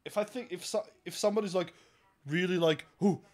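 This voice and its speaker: A man's voice: sits high, a little fast, a little mellow. A man hosting a crude comedy podcast, swearing a lot, laughing often and mocking people in put-on voices. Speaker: podcast host.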